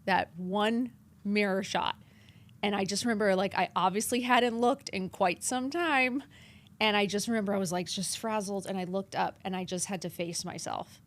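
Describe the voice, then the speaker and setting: A woman in her fifties from New York, with a New York accent, telling her story as a podcast guest, animated and acting out her past lines in quotes. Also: mid-range voice, moderate pace. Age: 50s. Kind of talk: candid interview storytelling.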